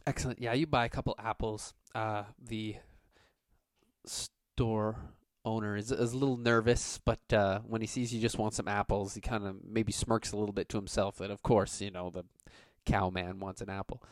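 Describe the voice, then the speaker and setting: A man's voice: on the low side, normal speed, no room sound, studio quality. A man running a tabletop game as game master, narrating in a loose, rambling way with plenty of fillers. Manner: relaxed and rambling, many fillers.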